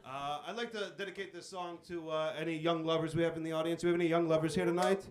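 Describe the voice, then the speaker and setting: Here a fast-talking man with a fairly high pitch and steady tone works a club crowd, riffing and teasing them with profanity. The live recording carries background noise and audience laughter.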